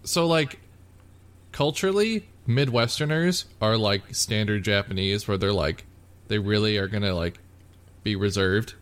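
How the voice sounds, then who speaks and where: A man's voice: on the low side, measured pace, a bit bright, clean tone. Rambling man in casual podcast chat. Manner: rambling, full of "like" fillers, teasing. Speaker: podcast co-host.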